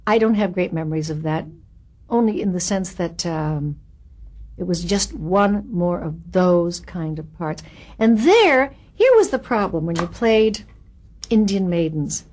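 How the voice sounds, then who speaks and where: A woman in her seventies, an actress being interviewed, recalling her career in a candid, wry way with lively asides. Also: lowish voice. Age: 70s. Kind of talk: reminiscing interview.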